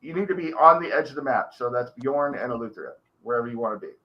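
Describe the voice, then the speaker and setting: Man, game master, tabletop narration, descriptive, even middle pitch. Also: fast, muffled recording.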